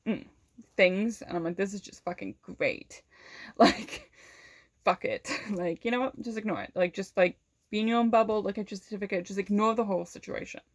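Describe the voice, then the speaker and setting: Animated young woman telling a story, dry sound. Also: mid-range voice, creaky, no room sound. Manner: animated, swears often, laughs between lines; many fillers of "like". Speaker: vlogger. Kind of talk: casual storytelling.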